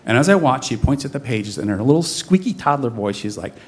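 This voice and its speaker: A man in his forties telling a comic personal story on stage, with a lively, animated delivery. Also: mid-range voice, fast, a little hiss or hum. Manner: comic, animated, mimics voices in quotes. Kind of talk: live storytelling performance. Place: stage before an audience.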